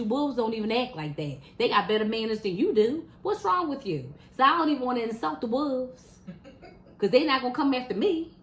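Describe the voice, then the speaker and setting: A woman's voice: high voice, fairly bright tone. Exasperated woman venting in an echoey room. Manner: exasperated, repeats words, fires rhetorical questions. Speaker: vlogger. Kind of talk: casual opinion monologue to camera. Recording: roomy echo.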